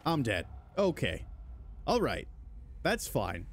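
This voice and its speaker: With a mid-range voice that swings hugely in pitch, a male gaming host takes his time during let's-play commentary. His running reactions are nervous and panicky, and he speaks directly to the enemies on screen.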